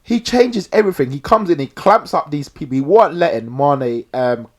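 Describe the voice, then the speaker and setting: A man hosting a casual sports podcast, arguing his point in an animated way. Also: fairly high pitch, brisk. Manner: animated, argumentative, insists on finishing his point. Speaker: podcast host.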